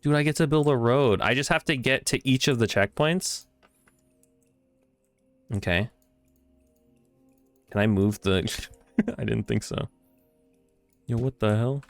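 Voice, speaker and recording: A man streaming a video game, chatting casually, reacting excitably with swearing, laughter and mock-grand musings. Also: medium pitch, unhurried, long pauses, dry recording, soft background music. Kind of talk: casual gameplay commentary.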